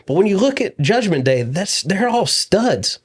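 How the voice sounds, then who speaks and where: A man's voice: high-pitched, sing-song, a little slow, slightly rough. A man co-hosting a casual wrestling podcast, chatting with enthusiasm and laughing easily. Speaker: podcast co-host; stand-up comedian. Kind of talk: casual chat.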